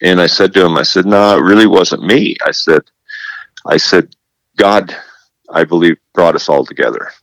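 A man interviewed as a guest, telling animated stories and acting out the dialogue he quotes, often repeating himself and restarting. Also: low-pitched, normal speed, dry recording, poor audio. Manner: animated storyteller who acts out quoted dialogue. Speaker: guest, television presenter. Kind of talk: casual faith interview.

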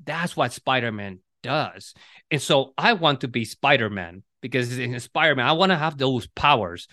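Male co-host, bright tone, dry close recording, reflective and rambling. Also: mid-range voice, expressive, moderate pace, dry recording. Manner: reflective, restarts and repeats words. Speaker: podcast co-host. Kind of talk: casual conversation.

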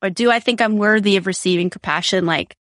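A woman chatting casually on a podcast, telling stories with animated, expressive delivery. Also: medium pitch, fast talker, no echo, studio quality. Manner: animated storyteller, acts out quoted voices. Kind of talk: casual conversation.

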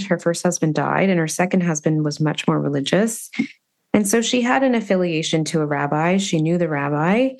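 Earnest woman telling a personal story. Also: on the low side. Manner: earnest, reflective, with many pauses and restarts. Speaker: podcast host.

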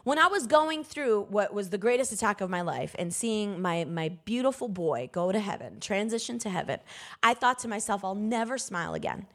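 A woman preacher giving an emphatic sermon, breaking into bursts of loud exhortation. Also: medium pitch, sing-song, normal speed.

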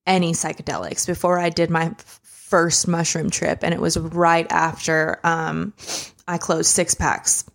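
A woman's voice: deep voice, little pitch movement, measured pace, vocal fry. A young woman co-hosting a podcast, telling a personal story in a candid, emotional, conversational way. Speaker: podcast co-host. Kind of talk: casual chat.

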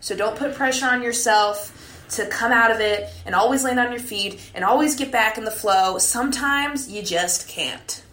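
A young woman hosting a podcast, telling a story in a candid, profane, animated way, a few drinks in. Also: fairly high pitch, normal speed, echoey room. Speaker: podcast host. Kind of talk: casual monologue.

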